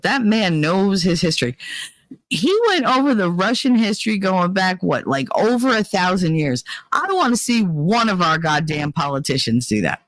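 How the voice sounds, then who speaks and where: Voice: mid-range voice, no room sound, rough recording. A livestream host chatting casually and profanely with viewers, rambling, laughing and humming filler tunes between thoughts. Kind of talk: casual rambling chat to a live chat.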